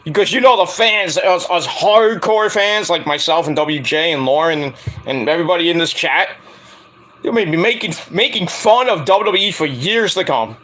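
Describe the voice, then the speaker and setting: A man's voice: fairly high pitch, moderate pace, a bit bright. A man giving a rambling, joking casual livestream review of a wrestling show.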